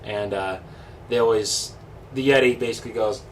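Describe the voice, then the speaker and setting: A man's voice: lowish voice, normal speed. A young man chatting in a rambling, easygoing, self-deprecating way as a vlogger. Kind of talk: casual chat. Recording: distant mic with faint background noise.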